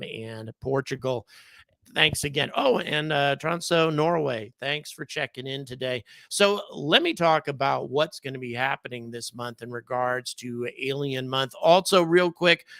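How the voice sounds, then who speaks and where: A man hosts a live stream in a bright, forceful voice, rambling with fillers and restarts as he greets viewers by where they live. The sound is dry and close. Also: mid-range voice, no room sound. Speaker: host.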